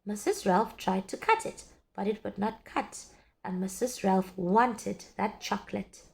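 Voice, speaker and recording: A woman reading a children's story aloud in an expressive, sing-song way. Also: mid-range voice, measured pace, gravelly. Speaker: storybook reader.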